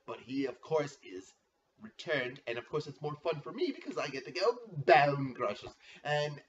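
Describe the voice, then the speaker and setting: A man serving as commissioner of a fantasy football league, casually introducing members with drawn-out hype-man name calls and profane asides. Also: a little high, expressive, recorded from a distance, highs cut off, slight background noise.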